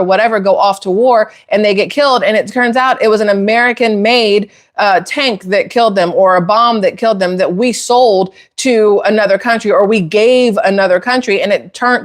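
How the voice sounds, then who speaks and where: A woman hosting a casual opinion talk for viewers, heated and emphatic, climbing into outraged near-shouts. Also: medium pitch. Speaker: political commentary host.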